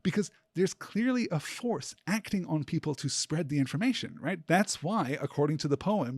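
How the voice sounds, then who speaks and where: Man, podcast host, analytical literary talk, slightly high pitch, dry close sound. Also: expressive, slightly rough, dry recording. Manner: analytical, measured, slows to scan poetry aloud.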